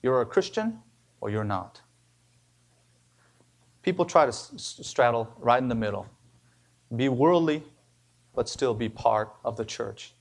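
Pastor guy preaching, gravelly voice, gets loud then drops way down, emphatic. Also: mid-range voice, animated, measured pace, long pauses. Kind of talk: sermon.

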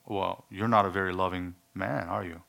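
A man's voice: deep voice, steady tone, moderate pace, vocal fry, pushed and bright. A male pastor preaching a sermon in an earnest, emphatic way, with some humorous asides.

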